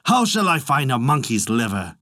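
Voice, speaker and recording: A man's voice: medium pitch, big pitch swings, normal speed, bright, forceful tone, no echo, clean studio sound. A man voicing a lovesick, fretting dragon king of the sea in a storybook tale, pleading and commanding in turn. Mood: distraught.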